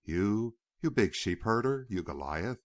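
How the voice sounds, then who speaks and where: A poised, sharp-tongued young woman from the East, as a male narrator reads her, answering blunt and quick. His low voice moves through a lively range. The audiobook sound is dry and close. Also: no room sound.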